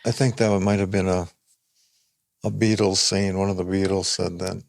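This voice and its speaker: Older man with a flat, gravelly voice. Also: low voice. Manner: plain-spoken, reflective, unhurried. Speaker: podcast guest. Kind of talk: casual conversation.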